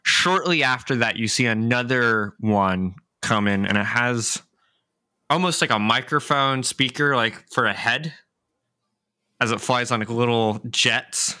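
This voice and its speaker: A man running a tabletop game as game master, describing scenes in an unhurried way with frequent fillers. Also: medium pitch, pushed and bright, no echo, clean studio sound.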